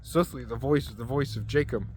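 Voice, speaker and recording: A man's voice: mid-range voice, a little hiss or hum, lightly acted. A man reading as an aged blind father. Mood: solemn. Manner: solemn, measured reading. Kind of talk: scripture reading.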